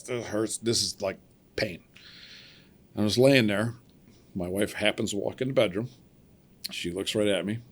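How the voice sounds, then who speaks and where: There's slight background noise as a middle-aged podcast guest, a cable splicer, tells a story in a relaxed, conversational way. His voice is fairly low, and he animatedly acts out each person's lines while laughing at his own punchlines.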